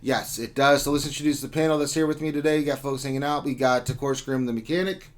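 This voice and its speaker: This livestream host runs a laid-back gaming stream, joking his way through chat greetings in a meandering style packed with ums and uhs. He talks quickly at a medium pitch.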